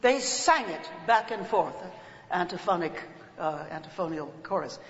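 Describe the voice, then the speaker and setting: Give me a woman lecturing with lively storytelling in a hall with a long reverb. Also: low-pitched, moderate pace. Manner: animated storytelling, breaks into chants and voices. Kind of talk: workshop lecture. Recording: echoey hall, dull lo-fi sound.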